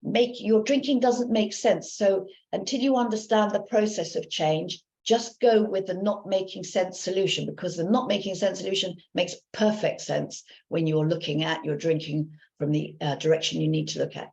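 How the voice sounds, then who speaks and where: A woman's voice: medium pitch, normal speed, few pauses, a little mellow. A woman working as a recovery coach, speaking earnestly in a live coaching session and looping back over her points.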